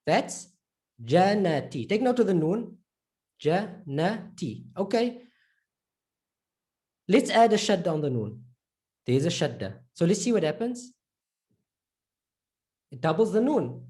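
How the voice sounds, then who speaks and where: Lively, patient woman teaching a lesson. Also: mid-range voice. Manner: slowly drawn-out word demonstrations; patient, repeats and checks in with learners. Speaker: Arabic reading teacher. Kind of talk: online lesson.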